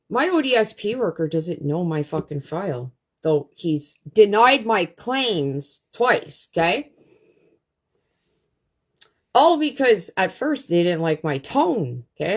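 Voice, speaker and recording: A woman's voice: fairly low pitch, sing-song, a little slow, slightly rough. A woman on a phone livestream, ranting bluntly to her viewers and swearing constantly. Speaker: livestream host. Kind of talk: profane ranting livestream monologue.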